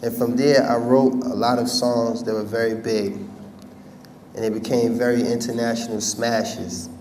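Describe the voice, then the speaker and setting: A man's voice: medium pitch, flat delivery, normal speed, darkish tone. A man telling his life story to an audience in casual, conversational speech with street slang. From United States. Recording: distant mic with faint background noise.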